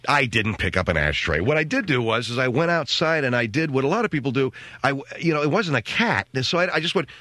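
A middle-aged radio talk show host tells a comic story in a lively, joking way, acting out voices and sound effects. His voice sits in the mid range and moves at a quick pace, with no echo.

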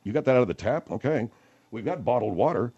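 A man's voice: medium pitch, fast talker, breathy edge, muffled recording. A man hosting a comedic radio bit, talking in an exasperated way. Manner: exasperated, animated. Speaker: radio show host.

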